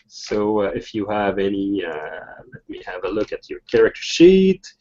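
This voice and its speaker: A man narrating a tabletop game as game master, halting and laughing between phrases. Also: on the low side, very animated, darkish tone, slight background noise. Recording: dull lo-fi recording.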